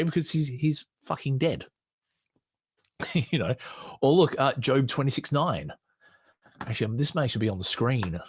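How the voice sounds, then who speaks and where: A man's voice: fairly low pitch, slightly rough, no echo. A man hosting a podcast, giving sarcastic, chuckling commentary and reading partly from a script, with frequent restarts. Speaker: podcast host.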